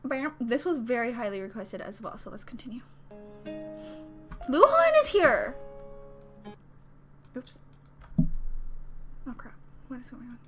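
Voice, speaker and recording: A woman hosting a reaction vlog, talking casually and gushing with excitement, full of exclamations. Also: fairly high pitch, normal speed, pauses often, over music. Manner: gushing, exclamatory, squealing with delight. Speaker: reaction video host.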